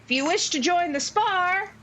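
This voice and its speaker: Brief: woman playing short young male gnome ringmaster, booming and jaunty, pitched high. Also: normal speed, slight background noise. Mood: jolly. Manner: loud, jaunty announcer patter.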